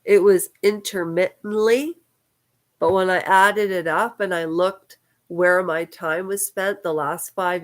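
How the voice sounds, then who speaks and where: Slow-talking woman vlogging from home. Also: medium pitch. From Ukraine. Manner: emotional, meandering, talks straight to camera. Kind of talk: rambling personal vlog. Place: at home on a houseboat.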